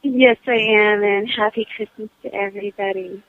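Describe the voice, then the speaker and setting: Caller: woman, unhurried, hesitant, dry tinny phone line. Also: medium pitch, fairly even intonation, no room sound. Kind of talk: phone-in storytelling.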